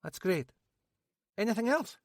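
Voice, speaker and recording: A man's voice: high-pitched, sing-song, measured pace, no room sound, studio quality, pitched above the performer's own voice, full character voice. A man voicing a polite Scottish man who asks precise questions.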